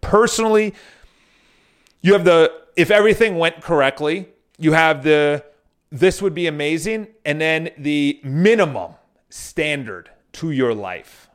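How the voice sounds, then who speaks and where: A man with a somewhat high voice talks straight to his viewers in a casual motivational monologue. He tells stories loosely, restarting often and dropping in the odd swear word. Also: unhurried, clean tone. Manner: addresses viewers directly. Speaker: motivational speaker.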